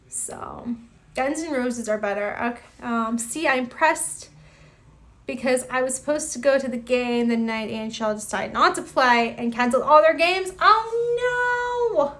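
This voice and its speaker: A woman's voice: high-pitched, expressive, unhurried, a bit bright. A young woman hosting a live stream, chatting casually, greeting viewers by name and reacting with lots of exclamations. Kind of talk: casual chat reading viewer comments.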